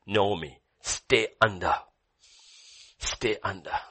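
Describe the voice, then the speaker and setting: A man preaching a sermon to a congregation in church, swinging from low murmurs to high excited cries. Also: takes it slowly, husky.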